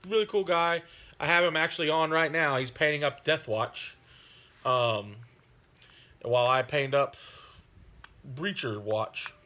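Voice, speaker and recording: A man's voice: on the high side, unhurried, long pauses, pushed and bright. A man hosting his hobby channel, chatting in a rambling, friendly way with many fillers. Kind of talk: casual chat.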